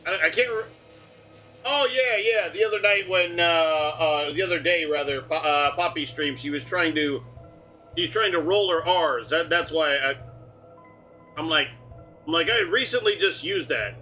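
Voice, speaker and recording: A man's voice: fairly high pitch, lively intonation, normal speed, pushed and bright, faint music behind. A man streaming a game live, rambling and joking as he talks through the on-screen prompts. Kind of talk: casual live game commentary.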